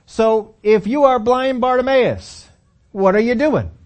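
A man's voice: very high-pitched, measured pace, darkish tone. A man preaching a sermon in a conversational way, acting out lines of scripture dialogue as he tells the story.

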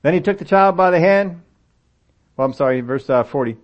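Speaking fairly quickly with a highish voice and lively intonation, an older pastor reads scripture during his sermon. He often drifts into folksy asides that poke fun at himself. Audio quality is dull and lo-fi.

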